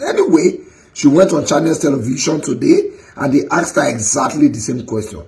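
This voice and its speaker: A man with a Nigerian Pidgin accent tells events in an animated way in a casual vlog. His voice is gravelly and sits a little high. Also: fairly quick, low-quality recording. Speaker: commentator.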